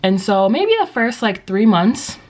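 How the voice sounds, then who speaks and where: A woman's voice: mid-range voice, very animated, measured pace, darkish tone. A young woman who teaches English, giving casual advice in a vlog, chatty and upbeat with lots of likes and you-knows. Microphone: compact vlogging camera.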